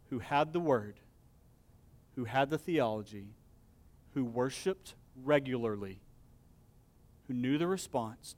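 A man preaching a sermon, reading scripture with acted-out dialogue and dropping to a soft, low voice to close his points. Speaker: pastor.

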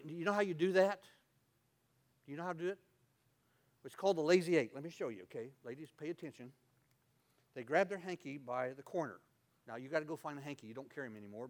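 A man preaching a sermon as pastor, telling stories and swinging from loud to quiet. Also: fairly high pitch.

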